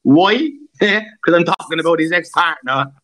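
A man's voice: fairly high pitch, expressive, unhurried, fairly bright tone, rough recording. A man hosting a live-stream panel, ranting abusively with heavy swearing and repeated insults. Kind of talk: angry live-stream rant.

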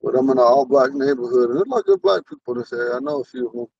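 A man's voice: medium pitch, rapid-fire, gravelly, darkish tone, dry recording, distant mic, muffled recording. A man with a lisp, a Ponca language teacher, talking in a rambling, earnest way while he drives. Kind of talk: casual talk while driving. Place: inside a car on the road.

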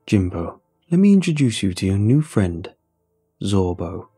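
A man's voice: deep voice, very animated, unhurried, warm tone, slightly rough, soft background music, full character voice. A man playing a proud, eager inventor dad. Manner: coaxing, proud.

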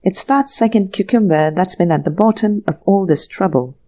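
Woman voicing a nonchalant young gentleman in an audiobook, casual and mellow. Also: mid-range voice, moderate pace, close to an everyday voice.

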